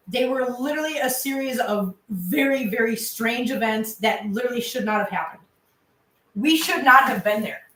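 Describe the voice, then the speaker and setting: A chatty woman talks her way through cooking dinner, her voice pitched a little high. She sits back from the mic in an echoey kitchen, with soft clicks and faint noise behind her. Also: lively intonation, normal speed, far from the mic. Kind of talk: casual chat while cooking. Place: home kitchen.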